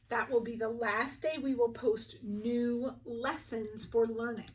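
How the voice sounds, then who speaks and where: A woman's voice: fairly high pitch, steady tone, darkish tone. A young woman teacher giving a phonics lesson to young children, patiently sounding out each word and having them repeat it. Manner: clear, patient, sounds words out slowly. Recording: voice a little distant from the mic.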